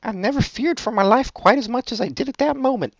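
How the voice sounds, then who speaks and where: A shrill, unhinged impression voice. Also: male voice, a little fast, no echo. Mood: manic. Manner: high strained put-on impression voice. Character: shrill unhinged man reading letter. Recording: dull lo-fi sound.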